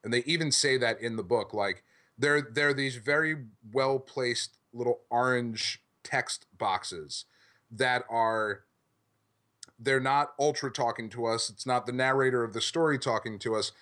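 A man's voice: mid-range voice, measured pace, sharp tone. Enthusiastic man chatting on a podcast. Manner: enthusiastic, rambling, swears freely. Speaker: podcast host. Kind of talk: casual chat about comics.

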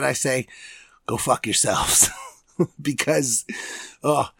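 A man hosting a podcast, loudly mocking and cursing through a comedic sports rant. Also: on the high side, no room sound, clean studio sound. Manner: loud, mocking, profane ranting. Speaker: podcast host.

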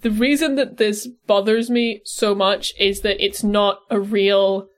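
Irish woman from cork on a podcast, softened accent, rambly and animated. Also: medium pitch, measured pace. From Cork, Ireland. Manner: animated, rambling, self-interrupting. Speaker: podcast co-host. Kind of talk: casual podcast discussion.

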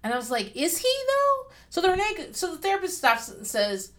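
Candid, profane woman with a higher voice. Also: fast talker. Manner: candid and profane, with lively asides. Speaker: vlogger. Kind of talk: casual TV reaction commentary.

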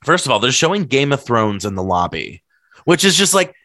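A man telling stories in a casual chat, rambling and leaning on filler words as he goes. His voice is bright and swings widely in pitch. The sound is dry and close. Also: sing-song, fairly quick, no room sound. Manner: laughs while telling stories.

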